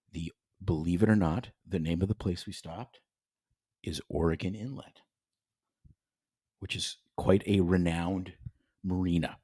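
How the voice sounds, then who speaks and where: A man co-hosting a casual podcast, animated and profane, breaking into mock accents now and then. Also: low voice, moderate pace, breathy edge, no echo, studio quality. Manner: animated, swears freely, does mock accents. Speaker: podcast co-host, physician. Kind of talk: casual chat.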